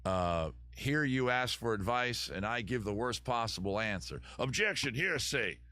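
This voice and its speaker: He's a comedy podcast host whose clear, resonant voice sits on the low side, fairly bright and at a normal speed. Recording at his city home with a voice slightly tired from weekend shows, he digresses freely, jokes at his own expense, and drops into an affected Southern lawyer voice.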